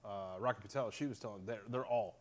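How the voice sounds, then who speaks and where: A man's voice: on the low side, fairly quick, darkish tone. A man with a Pittsburgh accent hosting a casual talk show, telling stories animatedly and swearing freely. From Western Pennsylvania. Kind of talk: casual chat.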